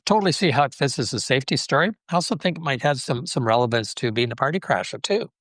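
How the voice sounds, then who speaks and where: A man's voice: medium pitch, expressive, quick pace, a bit bright, no echo, clean studio sound. A man hosting a podcast, asking his guest questions in a thoughtful, curious way. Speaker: podcast host. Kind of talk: interview questions.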